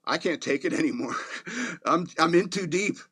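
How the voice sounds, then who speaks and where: A man's voice: on the high side, lively intonation, normal speed, a bit bright, husky, voice pushed up. A man doing a whiny fed-up kid brother. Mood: exasperated. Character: fed-up younger brother, boy.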